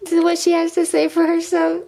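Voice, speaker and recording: A woman vlogs her kitten at home, narrating casually in gushing baby talk and laughing often. Her very high-pitched voice is brisk, creaky and warm, yet completely flat in delivery. A little hiss or hum sits in the audio.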